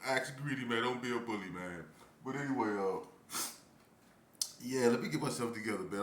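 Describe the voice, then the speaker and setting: A man telling a street story in casual speech, animated and often breaking into laughter. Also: mid-range voice, a little fast, long pauses, slight background noise. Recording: echoey room.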